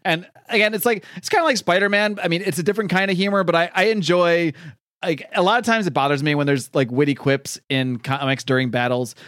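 A man's voice: on the high side, fast, fairly bright tone, no echo, clean studio sound. Rambling casual man recapping comics. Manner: rambling retelling with many fillers and quoted lines. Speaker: comic book podcast host.

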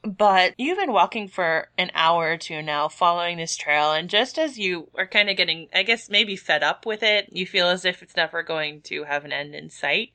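A woman running a tabletop game as game master, narrating haltingly with many fillers. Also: on the low side, pushed and bright.

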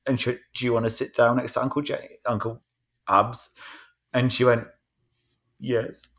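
A man's voice: mid-range voice, flat delivery, normal speed, fairly bright tone. A British man hosting a podcast, chatting casually and telling rambling stories with little put-on voices and many restarts. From England. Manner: chatty storyteller, slips into impressions, rambling restarts. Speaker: podcast host. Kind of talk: casual chat.

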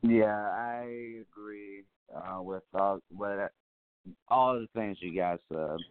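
A man's voice: fairly low pitch, slow, smooth, no room sound. A man giving his take in a casual movie chat, hesitant, with many fillers. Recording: tinny phone-like line.

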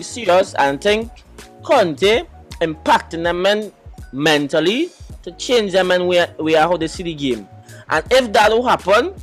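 A man, co-hosting a casual football podcast, teasing and repeating words for emphasis. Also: high voice. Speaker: podcast co-host.

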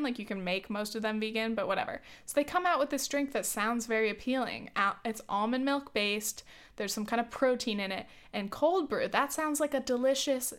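A young woman in her twenties hosting a casual solo podcast, talking freely with lots of fillers and swearing, and acting out quoted dialogue. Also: fairly bright tone. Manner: acts out quoted dialogue with jumps in pitch. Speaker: podcast host.

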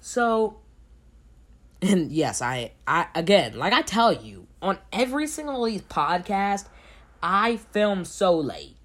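Sleepy young man with lively pitch swings. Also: slow. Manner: emphatic, repeats words for stress. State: sleepy, recording at 3 a.m. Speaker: podcast host. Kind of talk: casual solo podcast advice. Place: home, late at night. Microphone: home podcast mic.

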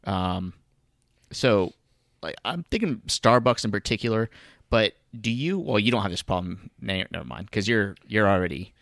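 A grumpy podcast co-host rambles through his complaints in a low, gravelly voice. His speech is full of fillers and restarts. The sound is dry and close, with no room in it. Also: lively intonation, normal speed, fairly bright tone, dry recording. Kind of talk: casual chat.

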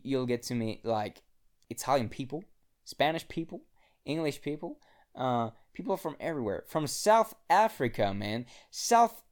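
A young man hosting his own podcast, talking alone and casually from an apartment in the mountains, rambling and swearing with lots of restarts. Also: mid-range voice. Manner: rambling, profane, frequent restarts. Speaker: podcast host. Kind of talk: casual solo podcast monologue. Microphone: own podcast microphone.

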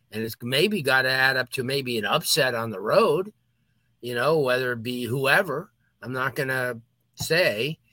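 A man's voice: medium pitch, sharp tone, dry recording. A man co-hosting a sports podcast, talking emphatically in casual chat. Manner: emphatic, talks through sneezes and throat clearing. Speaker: podcast co-host.

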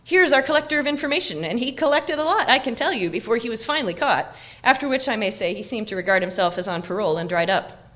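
A woman voicing a clever, loyal young male hobbit in an audiobook reading, brisk and confiding. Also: on the high side, lively intonation, a bit bright, voice pushed up.

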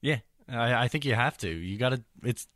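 A man's voice: mid-range voice, expressive, normal speed, a bit bright, dry recording, studio quality. A man hosting a podcast in a casual, easygoing way, agreeing with his co-host and steering the show on to the next topic. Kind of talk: casual sports talk.

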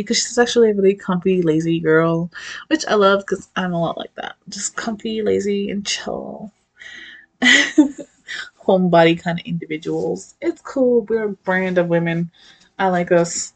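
A woman's voice: on the low side, moderate pace, gravelly. A young woman casually recapping a story, chatty and laughing, swearing freely and saying "like" a lot.

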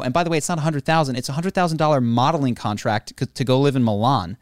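A man in his own casual chat, telling a story with lots of animation and mock voices. His pitch sits in the middle for a man, and the sound is dry and close, with no room behind it. He pokes fun at himself as he goes. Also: fast talker, few pauses, no room sound. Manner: animated, acts out quoted voices, laughs often; self-deprecating humor.

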